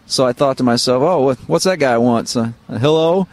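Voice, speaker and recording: A middle-aged man from Missouri, a guitarist guest, telling relaxed, rambling stories full of fillers in an interview. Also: mid-range voice, moderate pace, no room sound. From Missouri, United States. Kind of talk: casual interview storytelling. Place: radio studio.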